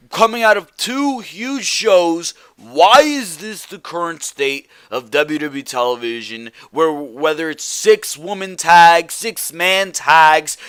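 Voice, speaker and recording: Fed-up guy ranting, highish smooth voice, dry close mic. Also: a bit bright, no echo. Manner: exasperated, repetitive rhetorical questions. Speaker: wrestling show reviewer. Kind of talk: ranting solo review.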